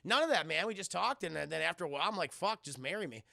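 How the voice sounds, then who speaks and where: A man voicing a smug rich young man who rambles on about his sudden marriage in a hushed, lowered voice. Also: expressive, quick pace, vocal fry, no room sound, studio quality, heavily acted. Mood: smug, rambling.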